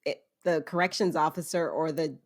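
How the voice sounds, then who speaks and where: A young woman with a slightly low voice hosts a spooky-story podcast. She chats casually and pokes fun at herself. She keeps breaking into giggles between facts. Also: fairly even intonation, normal speed. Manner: giggly and self-deprecating, laughs often mid-sentence. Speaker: podcast host.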